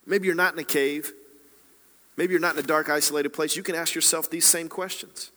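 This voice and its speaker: A man preaching a sermon as a pastor, swinging between hushed, quiet passages and loud, rising exhortation. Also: a little high, fairly even intonation, a little fast, big-room sound.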